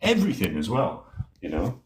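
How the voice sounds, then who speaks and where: A man with a low, deep voice chats at a relaxed pace on a live stream, rambling and reading out viewer comments. His voice rings around an echoey room. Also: moderate pace. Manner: rambling, laid-back, reads chat comments aloud. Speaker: livestream host. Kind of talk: casual spiritual livestream chat.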